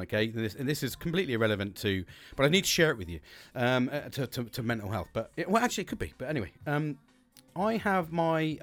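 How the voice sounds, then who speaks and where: A British man hosting a solo podcast, rambling and upbeat, swearing freely between fillers and restarts. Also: on the high side. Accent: British English. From Britain. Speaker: podcast host. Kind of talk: casual solo podcast chat.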